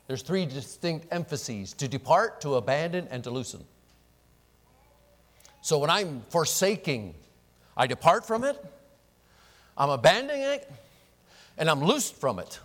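A man preaching a sermon as pastor, animated and acting out the prayers and apologies he quotes. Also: fairly high pitch. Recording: long reverb of a large hall.

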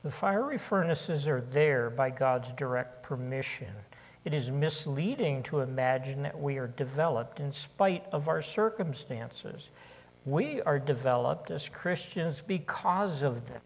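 A preacher gives an earnest sermon in a slow, unhurried delivery, repeating key questions to drive them home. The voice is husky with a gravelly edge. It rings out with the long reverb of a large church sanctuary. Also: medium pitch.

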